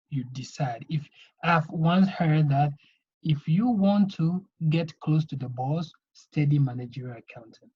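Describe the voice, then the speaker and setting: A man's voice: a little high, husky. A man teaching an accounting lesson, explaining step by step and often checking in with "okay?". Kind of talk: video lesson lecture. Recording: dull lo-fi recording.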